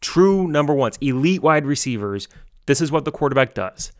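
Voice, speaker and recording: A young man giving solo sports commentary from home, excitable and gushing, often repeating and restarting himself. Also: mid-range voice, normal speed, dry recording. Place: home basement.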